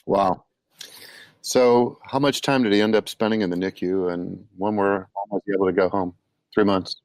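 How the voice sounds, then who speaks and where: A man hosting a podcast, asking short, soft follow-up questions. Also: sits low, steady tone, moderate pace, no room sound, poor audio. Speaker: podcast host. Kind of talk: interview question.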